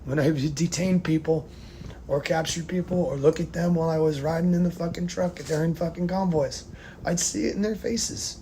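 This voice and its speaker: A man from the United States delivering an angry, profane rant to camera, swinging between loud outbursts and hushed, near-whispered lines. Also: a little high, steady tone, fairly quick, slight background noise. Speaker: vlogger.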